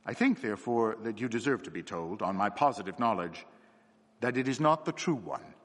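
Man doing a quiet old priest, measured speech, long reverb. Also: lowish voice. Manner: calm, measured, respectful. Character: little old priest, quiet, calm, perceptive.

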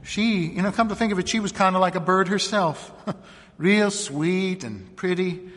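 A man reading a story aloud, putting on the soft, hesitant voice of a timid middle-aged sheriff's wife. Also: high-pitched, moderate pace, long reverb tail, voice pushed up.

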